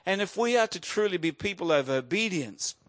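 A man's voice: high-pitched, lively intonation, brisk. A man in his fifties preaching a sermon in an earnest way, repeating key phrases for emphasis. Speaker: pastor.

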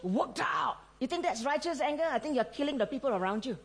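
A woman's voice: high voice, lively intonation, fast. A middle-aged woman preaching a sermon, telling stories with animation, acting out the voices she quotes and laughing often.

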